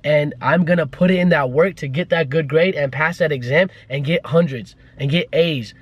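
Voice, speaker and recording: A man's voice: a little high, normal speed, breathy edge, no room sound, highs cut off. A young man vlogging from inside a car, giving a playful, teasing pep talk with frequent laughs. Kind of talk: casual chat.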